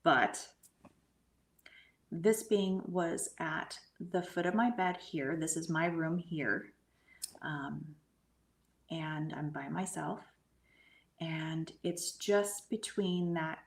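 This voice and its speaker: A middle-aged woman talks through a personal spiritual experience with earnest conviction. Her voice sits a little low for a woman, and she often drops to a hushed, near-whispered delivery. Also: vocal fry. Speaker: guest medium and energy healer. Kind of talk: conversational storytelling.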